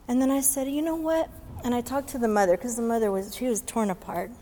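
A woman's voice: a little high, fairly even intonation, fast, hardly any pauses, dark tone, slight background noise. A woman police chaplain giving an inspirational talk, telling a story earnestly and acting out the dialogue in it. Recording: long reverb of a large hall.

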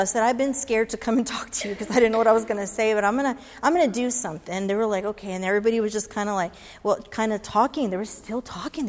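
A woman's voice: on the high side, a little mellow. A woman police chaplain giving an inspirational talk, telling a story earnestly and acting out the dialogue in it. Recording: long reverb of a large hall.

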